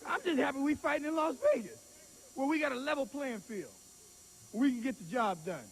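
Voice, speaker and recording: A man who manages and trains a boxer, hurling loud taunts with a preacher-like rhetorical cadence and at a press conference. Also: extremely high pitch, fairly quick, low-quality recording. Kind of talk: fiery press conference trash talk. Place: crowded press conference hall.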